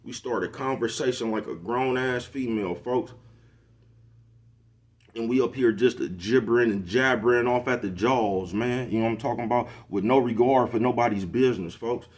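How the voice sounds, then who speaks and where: A man's voice: medium pitch, moderate pace, darkish tone. A middle-aged man, giving a preachy casual monologue to camera and constantly asking if you know what he's talking about. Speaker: social media commentator.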